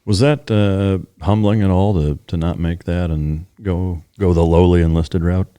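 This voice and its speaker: A man hosts a podcast interview, chiming in with short reactions and quick questions. His voice is very deep and dark, recorded dry with no room sound around it. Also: fairly even intonation, clear, resonant tone, dry recording. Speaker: podcast host. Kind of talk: casual interview.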